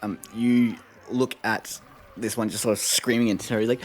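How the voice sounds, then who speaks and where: A man narrating a tabletop game as game master, relaxed and hesitant with many fillers. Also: lowish voice, normal speed.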